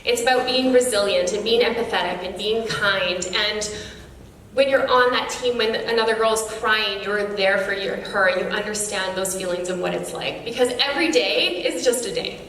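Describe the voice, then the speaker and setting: A woman's voice: mid-range voice, normal speed, fairly bright tone, a little hiss or hum. A woman guest speaker gives an earnest, encouraging motivational speech to an audience at a girls' sports awards, talking to them directly. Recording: echoey hall from far off.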